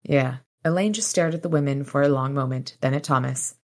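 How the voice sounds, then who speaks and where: In a very deep voice and at a fast clip, a woman podcaster alternates between reading a novel's passages and retelling its scenes in casual, profane commentary. She swears freely and does mild voices for the characters.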